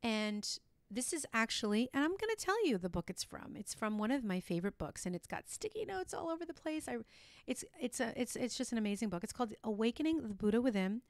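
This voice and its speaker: Smooth-voiced woman podcast host. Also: on the high side, very animated, fast talker, no echo. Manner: earnest and encouraging, with frequent restarts and "you know". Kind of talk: motivational solo podcast talk.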